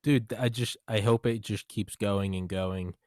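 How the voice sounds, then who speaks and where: A man's voice: on the low side, fairly even intonation, measured pace, darkish tone, no room sound, studio quality. A young man hosting a podcast, telling a story casually with lots of swearing, and quoting himself and others. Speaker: podcast host. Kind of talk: casual conversation.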